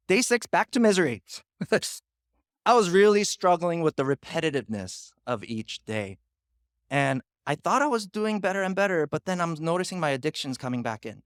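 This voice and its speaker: Animated man telling a personal story. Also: fairly high pitch, no echo, clean studio sound. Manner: animated, laughs often, acts out his own inner voice. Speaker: keynote speaker. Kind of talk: storytelling talk.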